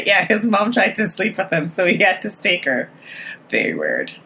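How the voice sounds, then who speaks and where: A woman's voice: mid-range voice, measured pace, sharp tone, breathy edge. A woman giving chatty, giggly commentary on a TV episode as she watches it, recorded on a built-in computer microphone in an echoey room at home. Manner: chatty, giggly, reacting aloud while watching. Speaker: podcast commentator. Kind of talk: casual live TV commentary.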